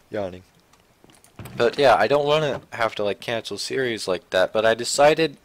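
A young man talking casually while playing a building game, rambling and restarting his sentences, low-key with sudden excited outbursts. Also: no room sound. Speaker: gaming channel host. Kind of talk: casual Minecraft let's play commentary.

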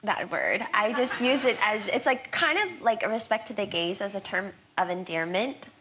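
A woman as a guest on a talk show, soft-spoken, giggly and a little hesitant. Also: medium pitch, expressive, moderate pace, slight background noise. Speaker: guest singer. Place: television studio.

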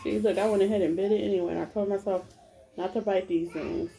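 A woman's voice: medium pitch, steady tone, fast talker, gravelly, dark tone. A woman vlogging a mukbang at home, chatting to her viewers as she eats and hums over her food. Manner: chatty, addresses viewers as y'all, smacks and hums while eating. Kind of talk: mukbang eating vlog, casual chat. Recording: noisy home recording. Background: a baby crying and household noise.

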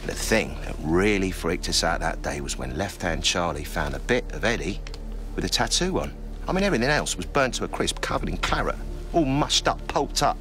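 A blunt, swearing army sergeant played by a man barks orders in a low, gruff voice. Loud film music plays behind the fan dub. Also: sing-song, a little fast. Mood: grim storytelling. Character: hardened male army sergeant, middle-aged, blunt.

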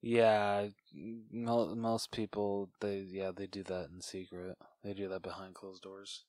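A man's voice: on the low side, completely flat delivery, slow, a little mellow, no room sound, clean studio sound. A young man co-hosting a podcast, chatting casually and mostly agreeing with short replies. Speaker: podcast co-host. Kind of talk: casual film review chat.

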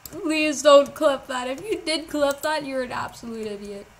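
A woman's voice: high-pitched, moderate pace, low-quality recording. A young woman streaming a building game, jumpy and joking, cutting in with slangy, self-mocking asides. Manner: slangy, casual. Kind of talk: live gameplay commentary.

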